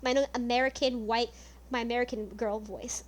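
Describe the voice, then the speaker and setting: A woman's voice: a little high, fairly even intonation, a little fast. Woman voicing a game's dialogue aloud. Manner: dramatic, self-aware. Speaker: let's play gamer. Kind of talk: reading game dialogue aloud. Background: game music.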